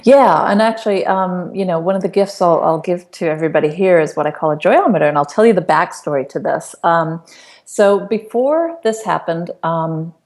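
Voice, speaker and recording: A woman's voice: lowish voice, moderate pace, a little mellow. A middle-aged woman speaking as an interview guest, telling a personal story earnestly, with fillers and restarts. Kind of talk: conversational storytelling.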